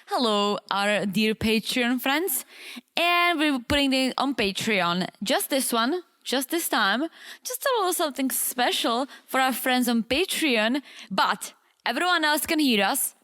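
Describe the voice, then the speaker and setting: Woman, podcast co-host, fairly high lively voice, teasing and giggly. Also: a little slow. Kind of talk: casual podcast chat. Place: apartment room.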